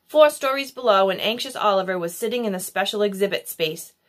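Woman reading a storybook, animated. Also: mid-range voice, brisk. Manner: expressive, animated. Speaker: audiobook reader. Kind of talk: storybook narration.

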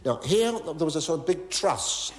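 A male stand-up with a voice on the high side tells a story at normal speed, pitch swinging widely, as he stammers, mutters gossip, then shrieks and pleads mockingly with the audience. It's a live theatre recording in an echoey room, with a laughing crowd behind him.

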